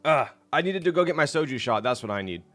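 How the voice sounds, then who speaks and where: Casting: relaxed young male streamer, rambling casual chat, average pitch, soft music underneath. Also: quick pace. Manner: laid-back, rambling, laughs often, reads chat aloud.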